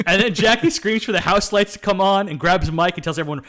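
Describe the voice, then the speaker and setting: A man's voice: high voice, fairly quick. A man co-hosting a podcast, recapping a movie in casual chat, laughing often and acting out lines. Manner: acts out quotes with shouting bursts, laughs often. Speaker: podcast co-host.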